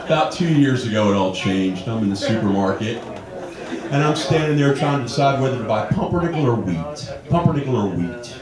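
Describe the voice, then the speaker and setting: A man in his fifties doing a stand-up comedy set on a club stage, telling stories and jumping into high voices for the people he quotes. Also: a little fast, crowd noise. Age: 50s. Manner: animated storytelling, jumps high for quoted voices. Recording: roomy club with audience laughter. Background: audience laughing.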